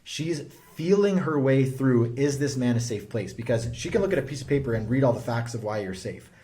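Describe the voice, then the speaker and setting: An earnest male relationship coach talking straight to camera, pressing his points with steady conviction. His voice is mellow and dark in tone, set at an ordinary mid pitch. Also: fairly quick. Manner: earnest, emphatic, persuasive. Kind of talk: direct-to-camera advice talk.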